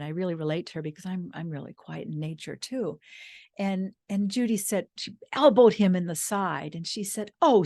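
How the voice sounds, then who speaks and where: Woman guest speaker; soft-spoken, reflective, lowish, dry. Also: dry recording. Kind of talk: personal storytelling talk. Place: retreat venue.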